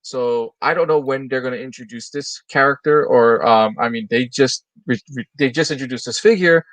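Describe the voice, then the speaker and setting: A man's voice: medium pitch, normal speed, fairly bright tone, no room sound, rough recording. A man co-hosting a toy news livestream, talking casually and loosely with a lot of enthusiasm. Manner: chatty, enthusiastic, loose and rambling. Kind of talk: casual chat.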